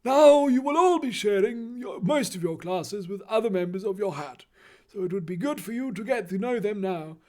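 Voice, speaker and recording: A man voicing an old, pious headmaster who announces things slowly and with authority. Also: high-pitched, lively intonation. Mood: announcing.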